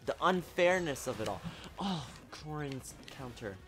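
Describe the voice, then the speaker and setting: A man giving live gameplay commentary, excitable and exasperated, breaking into sudden shouts. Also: on the high side, measured pace, faint music behind. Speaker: gaming video creator.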